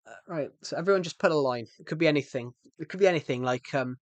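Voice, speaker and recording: A man's voice: fairly high pitch, fast talker, few pauses, no echo. A young man with a British accent who streams games, chatting casually in a rambling, self-correcting way. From United Kingdom. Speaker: game streamer. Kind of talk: casual live-stream chat.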